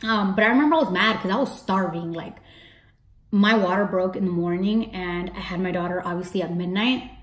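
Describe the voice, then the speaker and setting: Chatty young woman vlogging in an echoey room. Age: early 20s. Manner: chatty, swears freely, acts out her own past lines with rising pitch. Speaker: beauty vlogger. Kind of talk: casual storytelling to camera. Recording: roomy echo.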